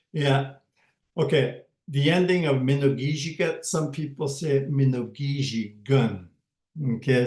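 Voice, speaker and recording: A man with a northern Ojibwe accent teaching a casual language class, halting often with fillers and soft chuckles. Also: mid-range voice. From northern Ojibwe community in Canada. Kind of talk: informal online language class. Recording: roomy, echoey room.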